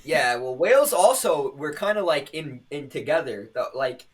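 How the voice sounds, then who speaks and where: A young man co-hosts a podcast, chatting casually with rambling opinions and frequent swearing. His husky voice is a little high and very animated, at a normal speed.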